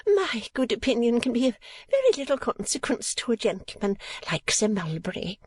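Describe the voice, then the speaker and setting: A man voicing a fussy, flustered middle-aged mother who talks in shrill, gushing bursts with breathy asides. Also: wildly swooping pitch, moderate pace, no room sound, full character voice. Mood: gracious.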